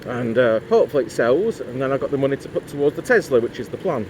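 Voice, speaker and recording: A man's voice: medium pitch, animated, quick pace, a little mellow, a little hiss or hum. A man chatting casually to camera for his motorcycle vlog, rambling with lots of asides and fillers. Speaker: motorcycle vlogger.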